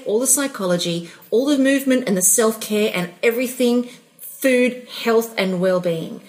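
A bubbly woman closes out her podcast episode. Her voice sits a little high, and she laughs easily between her plugs and thank-yous. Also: rough recording. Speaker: podcast host. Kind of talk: scripted show wrap-up.

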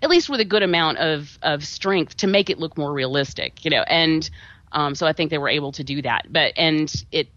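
Lady podcaster ranting about a horror flick, kinda low voice, dull dry audio. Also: animated, brisk, fairly bright tone, no echo. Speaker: podcast co-host. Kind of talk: casual movie review chat.

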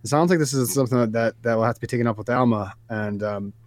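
A man placing a prank call, stammering and repeating himself while he keeps a soothing, patronizing calm. His voice sits at a middling pitch. The sound is close and dry, with no room around it. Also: quick pace, dry recording. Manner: hesitant, repetitive, falsely soothing. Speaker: prank caller host.

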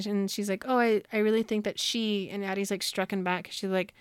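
A woman's voice: medium pitch, fairly quick, hardly any pauses, clean tone, no room sound. Woman gushing through a book recap, acting out lines, dry close sound. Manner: animated storytelling, acting out characters' lines. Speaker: book podcast co-host. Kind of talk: casual chat.

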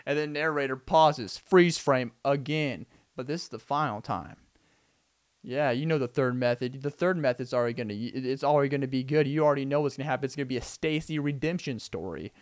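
A man's voice: mid-range voice, fairly quick. A young man hosting a casual solo podcast, rambling animatedly and acting out scenes with frequent laughs. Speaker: podcast host.

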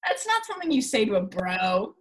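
A woman's voice: mid-range voice, sing-song, fairly quick. A woman co-hosting a podcast, giving wry, chatty fan commentary. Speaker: podcast co-host. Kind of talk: casual chat.

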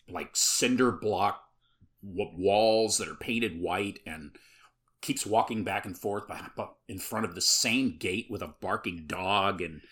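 A man with a deep, low voice recaps a movie in casual chat. His tone is bright and forceful, and he rambles with plenty of filler words.

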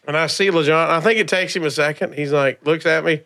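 A man, a comedian guest on a podcast, telling stories in a casual, animated way, laughing and doing the voices of people he quotes. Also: a little high, fast, few pauses. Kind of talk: casual storytelling.

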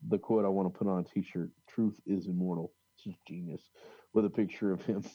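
A man's voice: sits low, steady tone, breathy edge, no echo, highs cut off. A man co-hosting a casual talk on religious history, reading old accounts aloud with frequent fillers and restarts. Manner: halting, many restarts and fillers, reads quotes aloud. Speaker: podcast co-host.

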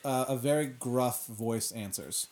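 Male narrator for a comedy improv, casual and laughing, mid-pitched voice. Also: measured pace, a little mellow. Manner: loose, laughing, full of filler. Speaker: game-style storyteller.

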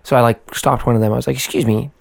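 A hoarse young Canadian man in casual podcast chat, rambling through a story and laughing often. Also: mid-range voice, flat delivery, racing, no echo, studio quality. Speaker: podcast co-host.

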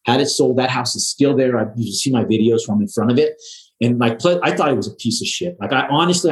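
A man's voice: mid-range voice, poor audio. A middle-aged man, a home builder, telling stories in a casual podcast chat, slangy and swearing freely, with loose restarts. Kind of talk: casual storytelling.

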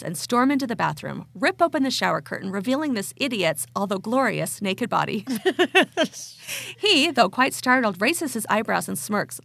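A woman co-hosting a casual podcast, reading a story aloud with animated delivery and frequent laughter. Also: medium pitch, gravelly, dry recording. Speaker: podcast co-host.

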